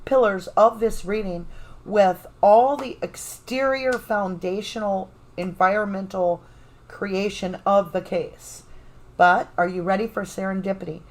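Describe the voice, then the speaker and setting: A woman's voice: medium pitch, rough recording. A woman with a Southern US accent giving a live tarot reading, chatting affectionately with viewers and cheering them on. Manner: energetic cheerleading. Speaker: tarot reader.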